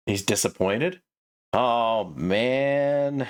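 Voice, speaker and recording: A man's voice: low-pitched, animated, unhurried. A man giving a comedic critique of a manuscript, sarcastic, laughing often and stammering through restarts.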